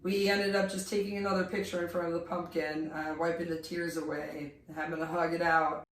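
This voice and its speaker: A woman's voice: lowish voice, brisk. A young woman casually telling a funny story, acting out quotes and laughing as she talks. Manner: animated, laughing, acts out quotes. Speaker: storyteller co-host. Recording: roomy, distant mic, faint noise.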